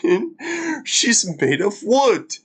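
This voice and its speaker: A speaker quoting a film scene by putting on the voice of a medieval villager who shouts accusations of witchcraft. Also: big pitch swings, extremely slow, full character voice. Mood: accusing. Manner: shrill mob accusation.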